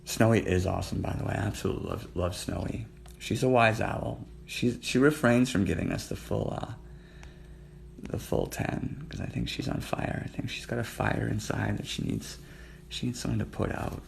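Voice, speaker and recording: A man's voice: on the low side, moderate pace, gravelly, a little hiss or hum. A man hosting a livestream, flirting with viewers and calling them out by name, sometimes dropping to a murmur. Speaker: livestream host.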